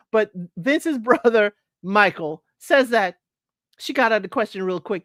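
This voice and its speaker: With a sing-song, unhurried delivery and a voice on the high side, this woman runs a dating-show recap livestream. She chats casually and opinionatedly, laughs often, repeats her points, and greets viewers in chat. The bright-ish studio recording has no echo.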